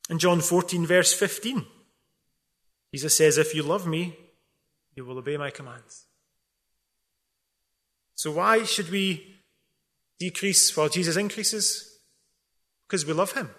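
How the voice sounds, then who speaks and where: A man's voice: on the high side, a little slow, pauses often, a bit bright. A man preaching a sermon as pastor, emphatic and full of rhetorical questions, with wry asides. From not from England.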